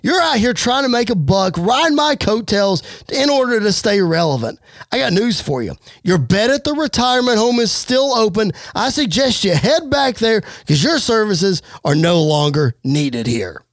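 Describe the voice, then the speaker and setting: A man's voice: high voice, very animated, normal speed, dry recording, clean studio sound. A man doing a smug, arrogant wrestler. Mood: contemptuous. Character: arrogant, boastful male wrestler, cruel.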